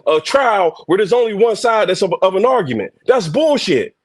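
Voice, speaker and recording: A man's voice: high-pitched, very animated, normal speed, no room sound, clean studio sound. Angry man arguing on a video call. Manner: angry, confrontational, profane. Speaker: guest on a live stream. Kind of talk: heated argument. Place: remote call into a live stream.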